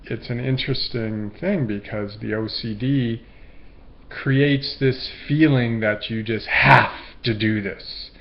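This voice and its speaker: Slow, gravelly man talking to camera. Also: mid-range voice, muffled recording, a little hiss or hum. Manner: unhurried, halting, acts out inner thoughts. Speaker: vlog host. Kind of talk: casual talk to camera.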